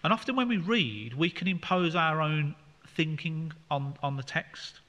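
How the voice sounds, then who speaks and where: A man's voice: a little high, lively intonation, unhurried, fairly bright tone, highs cut off. A man leading a Bible study, explaining scripture in a conversational way with fillers. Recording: long hall reverb.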